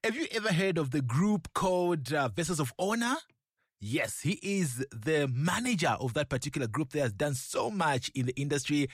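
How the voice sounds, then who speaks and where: A man's voice: a little high, lively intonation, moderate pace, husky, no echo, clean studio sound. Man hosting a radio show. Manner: effusive, warm-hearted and exclamatory. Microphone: studio mic.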